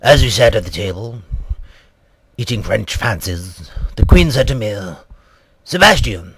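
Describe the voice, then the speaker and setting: A young man telling an absurd comic story in a mock-posh, deadpan, rambling way. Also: lowish voice, normal speed, slightly rough, no room sound.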